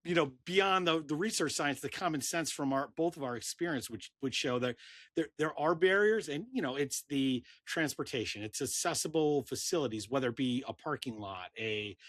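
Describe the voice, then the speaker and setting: A man's voice: fairly high pitch, moderate pace, fairly bright tone, no echo, studio quality. A man, a researcher and clinician, answering an interview question in a matter-of-fact way and listing points. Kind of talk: casual interview chat.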